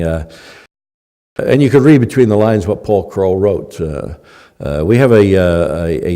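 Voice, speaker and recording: A man's voice: sits low, mellow. An older man preaching a sermon in a conversational way, with many fillers and restarts. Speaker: pastor. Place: church hall. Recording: long hall reverb.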